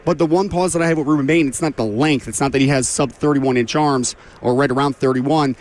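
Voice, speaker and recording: A man, a draft analyst guest on a sports radio show, talking quickly and a little hoarse from losing his voice, often correcting himself mid-sentence. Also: medium pitch. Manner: fast, thinking aloud, frequent self-corrections.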